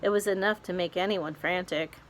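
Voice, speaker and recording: A woman reading a children's novel aloud in a steady storytelling way. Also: on the low side, a little fast, a little hiss or hum. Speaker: reader.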